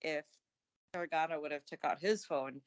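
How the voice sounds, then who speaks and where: A woman co-hosting a casual wrestling podcast, easygoing and quick to laugh. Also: sits low. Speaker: podcast co-host.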